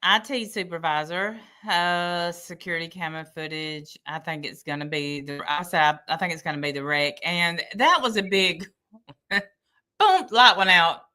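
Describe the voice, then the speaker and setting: A woman's voice: lowish voice, normal speed, pushed and bright. A woman co-hosting a podcast, chattily recapping trial testimony from her notes with a wry tone. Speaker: podcast co-host.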